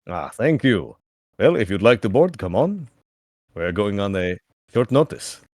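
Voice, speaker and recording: Brief: a man playing a brisk, polite armored knight, near his own voice. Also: lowish voice, big pitch swings, a little mellow, dry recording, studio quality. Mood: courteous. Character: armored alien knight crew, courteous.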